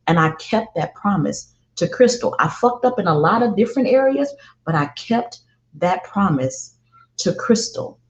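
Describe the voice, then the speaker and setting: A middle-aged woman telling a personal parenting story, emphatic and deliberate, often repeating herself for weight. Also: on the low side, animated. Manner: emphatic, slow and deliberate with heartfelt repetition. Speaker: parenting speaker. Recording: roomy, dull lo-fi sound.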